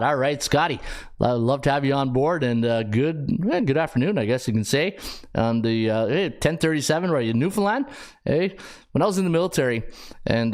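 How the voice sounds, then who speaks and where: A man's voice: mid-range voice, a little mellow. Chatty canadian guy, middle-aged, hosting a betting podcast, rambles and reads off stats. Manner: chatty, rambling, talks to chat viewers by name between stats. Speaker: host, sports handicapper. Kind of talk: casual sports betting podcast talk.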